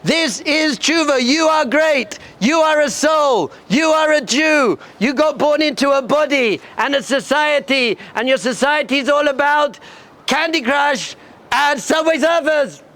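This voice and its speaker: A man, a rabbi, giving an energetic pep talk to yeshiva students, telling a story and acting out bleating sheep and a roaring lion, with emphatic, repeated punchy lines. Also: very high voice, unhurried.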